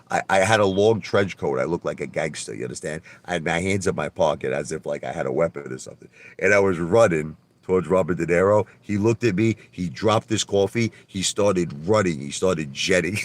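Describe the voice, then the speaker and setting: A man hosting a livestream, telling boastful stories in a brash, animated way, often stammering and repeating his words and swearing a little. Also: deep voice. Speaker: livestream host. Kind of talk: casual livestream monologue.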